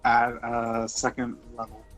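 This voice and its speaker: A man's voice: mid-range voice, completely flat delivery, unhurried, soft background music. A man playing a tabletop game, declaring spells and checking rules with the game master. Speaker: player.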